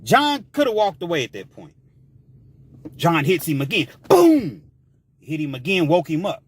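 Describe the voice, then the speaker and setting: A man tells a story with animated energy in a fairly high voice. His slangy talk rises and falls sharply, and he shouts sound effects for emphasis. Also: moderate pace, husky. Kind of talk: casual storytelling.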